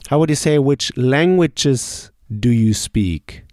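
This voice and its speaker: A man teaching German verbs, asking each question, pausing, then saying the answer slowly and clearly. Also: medium pitch, lively intonation, a little mellow, no echo, studio quality. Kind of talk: slow drill lesson.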